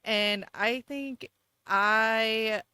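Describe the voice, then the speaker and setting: A woman in her thirties chatting earnestly as a podcast guest, laughing now and then. Her voice is bright and smooth, and the recording is dry and close. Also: on the high side, very slow, dry recording. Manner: earnest, laughing, emotional at times. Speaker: guest, host's wife. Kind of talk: casual podcast chat.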